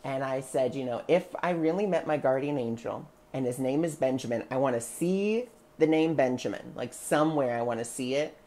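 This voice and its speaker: A woman working as a spiritual guide, chatting on a livestream, greeting viewers by name and telling a personal story in an animated way. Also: very deep voice, normal speed. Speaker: spiritual guide who sees clients.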